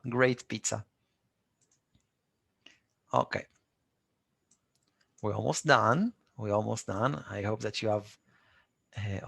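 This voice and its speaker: A man's voice: mid-range voice, vocal fry, fairly bright tone, no echo, studio quality. A man with an Israeli accent, a native Hebrew speaker, teaching a live online Hebrew lesson and patiently repeating words for learners.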